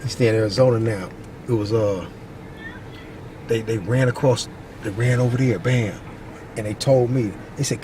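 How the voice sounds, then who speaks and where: A middle-aged man from Long Beach, California, telling stories from his youth as a vlogger. He tells them in an animated way, puts on high voices for the people he quotes, and often asks "you know what I mean". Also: normal speed, pauses often. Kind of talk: casual storytelling. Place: outdoors by a basketball court, moving in traffic. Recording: faint street and traffic noise outdoors.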